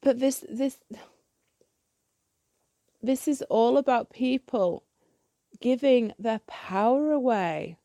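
A woman's voice: a little high, slow, pauses often, warm tone, no room sound, studio quality. A woman ranting bluntly in a solo podcast monologue, swearing freely and restarting her sentences when heated. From United Kingdom. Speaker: podcast host.

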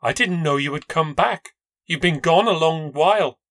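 A man voicing a kind middle-aged female neighbour who is a nurse, speaking gently and soothingly. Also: a little high, normal speed, voice pushed up. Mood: gentle.

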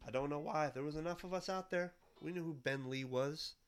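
A man's voice: fairly high pitch, a little fast, clear, resonant tone. A man in his thirties with a cold, hosting a podcast in a rambling, nostalgic monologue full of fillers and restarts. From Midwestern United States. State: has a cold. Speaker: podcast host. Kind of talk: casual monologue.

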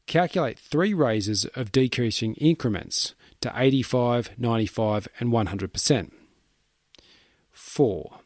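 A man reading a book summary aloud in steady, measured scripted narration. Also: mid-range voice, no room sound, studio quality.

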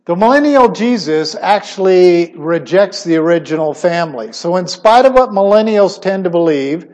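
With a high voice, a middle-aged man delivers a sermon emphatically, lurching abruptly from loud, stressed words to quiet asides.

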